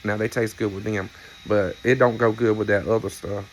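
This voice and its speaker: A man's voice: fairly low pitch, steady tone, moderate pace, slight background noise. A man, chatting casually to his viewers in a rambling, storytelling way with playful teasing asides. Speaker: vlogger. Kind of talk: casual chat to camera.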